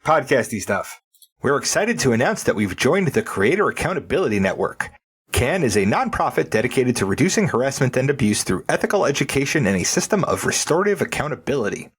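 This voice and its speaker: A man in his thirties with a mid-range, slightly breathy voice co-hosts a podcast, chatting and reading announcements with a wry, dry humor.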